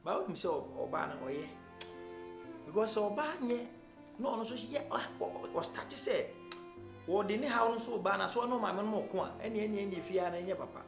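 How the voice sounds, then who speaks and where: An actor playing a sympathetic friend who calmly gives advice, in an echoey room over music. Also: mid-range voice, moderate pace, vocal fry. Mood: consoling.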